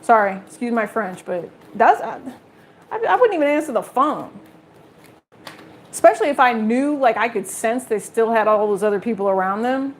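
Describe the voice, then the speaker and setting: A fairly high-voiced woman talks her way through a casual tarot reading, frank and chatty, and she curses without much care. Faint noise sits under the recording. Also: expressive, moderate pace. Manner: candid and blunt, swears freely; chatty, talks straight to viewers. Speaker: tarot reader.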